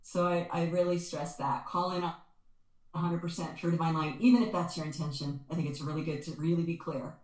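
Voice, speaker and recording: A woman's voice: low-pitched, fairly even intonation, a little fast, darkish tone. A woman guest and spiritual energy healer, talking earnestly and expressively in an interview and repeating words for stress. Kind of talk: conversational interview, explaining and storytelling. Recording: echoey room.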